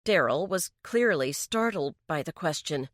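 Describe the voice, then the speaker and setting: A woman narrating a mystery story in a slow, even storytelling delivery. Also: low voice, dry recording, studio quality. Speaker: audiobook narrator. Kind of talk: scripted narration.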